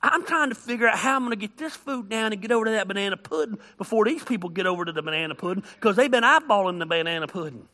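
Animated pastor, bright voice. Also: male voice, high voice, very fast, few pauses. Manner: animated storytelling, acts out voices; folksy, joking. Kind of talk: sermon.

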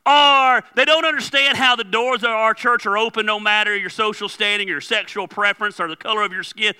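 A man's voice: high voice, steady tone, a little fast, pushed and bright, clean tone. A male pastor preaching in a loose, conversational way, telling stories and acting out the dialogue. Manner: conversational storytelling with laughs and quoted dialogue. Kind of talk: sermon.

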